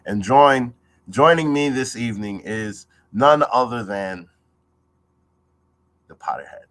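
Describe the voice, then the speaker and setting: A man's voice: mid-range voice, animated, slow pace, fairly bright tone, rough recording. A man hosting a casual review chat over a video call, exclamatory and laughing, repeating "wow" a lot. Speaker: host.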